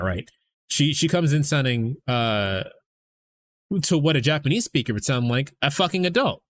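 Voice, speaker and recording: A man's voice: medium pitch, expressive, moderate pace. A young man talks loosely to his stream audience in a mid-range voice, tripping over restarts and dropping swear words. His delivery is casual and rambling. Faint noise hums behind him. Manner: rambling, swears freely, many fillers and restarts.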